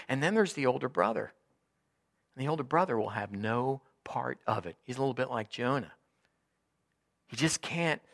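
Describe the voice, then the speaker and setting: A male preacher delivers a sermon in a storytelling way, calling his listeners friends. His pitch swings widely as he moves between plain narration and acted-out lines. He sits in the middle range, neither high nor low. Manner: acts out quoted lines with shifting pitch and loudness.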